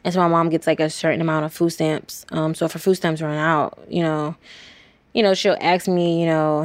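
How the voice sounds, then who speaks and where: A woman in her twenties from Washington, D.C., talks openly about her life as a student, at a quick clip and acting out the conversations she retells. Her voice sits low. The sound is dry and close. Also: fairly even intonation, darkish tone, no room sound. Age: 20s. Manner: candid, speaks quickly, acts out quoted exchanges. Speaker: interviewee, college student. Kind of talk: recorded interview.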